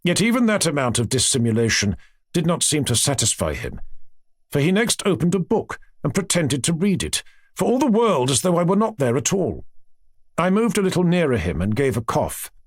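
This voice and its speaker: A man reading a classic novel aloud in an expressive, measured storytelling manner. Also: on the high side, slightly rough, no echo, studio quality. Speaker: audiobook narrator. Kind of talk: scripted narration.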